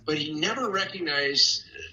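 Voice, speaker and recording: Older male storyteller, animated, laughs often; bright tone, dull lo-fi recording. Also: fairly high pitch, moderate pace, echoey room, slight background noise. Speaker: family friend telling stories. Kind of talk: casual storytelling.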